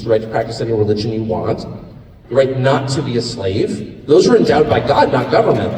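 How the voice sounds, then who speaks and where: A middle-aged American man giving a live speech at an event, speaking in a sarcastic, mocking, animated way. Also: a little high, slight background noise. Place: large hall with live audience. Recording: echoey hall recorded from far off in audience.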